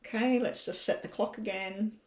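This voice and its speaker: Australian woman, mid-pitched, casual live tarot reader talking through her cards. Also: steady tone, normal speed. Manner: chatty, thinks aloud over the cards. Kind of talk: live-stream tarot reading.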